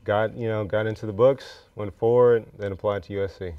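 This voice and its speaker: A young man being interviewed on a talk show about student affairs, answering in a halting, relaxed way with fillers, on a dull, slightly lo-fi recording. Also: on the low side, clear, resonant tone, dry recording. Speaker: student affairs staff guest. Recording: dull, slightly lo-fi, dry sound.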